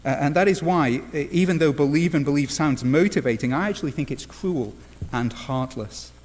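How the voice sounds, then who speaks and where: English male preacher, earnest with dry wry asides, slightly high voice, long church reverb. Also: moderate pace, darkish tone. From England. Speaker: pastor. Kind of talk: sermon.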